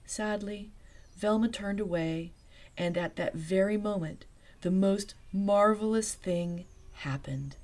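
A woman softly narrating a bedtime story, hushed and dreamy, sometimes dropping to a whisper. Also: mid-range voice, takes it slowly.

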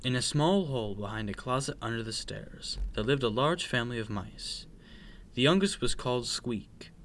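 A man reading a children's bedtime story aloud with expressive, sing-song narration. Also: medium pitch, normal speed, a little hiss or hum.

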